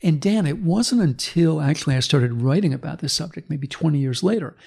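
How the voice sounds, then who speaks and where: Creaky-voiced man telling a story. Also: a little high, fairly quick. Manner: animated storyteller acting out quoted voices; profane, emphatic. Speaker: guest, history professor. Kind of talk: storytelling in conversation.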